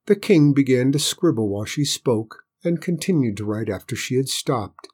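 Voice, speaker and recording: A man calmly narrating a fairy tale aloud. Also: medium pitch, normal speed, husky. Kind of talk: storybook narration.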